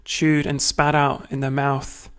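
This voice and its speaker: A British man reading a manifesto aloud at a deliberate pace, breaking off for wry asides and small self-corrections. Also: medium pitch, completely flat delivery, clear, resonant tone. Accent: British English. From Britain. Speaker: reader of a manifesto.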